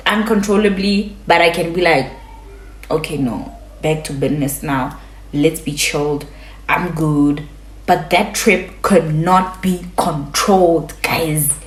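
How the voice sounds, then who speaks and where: A young woman telling a story to her vlog in a casual, slangy way, her voice jumping from loud highs to hushed lows. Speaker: vlogger. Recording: echoey room.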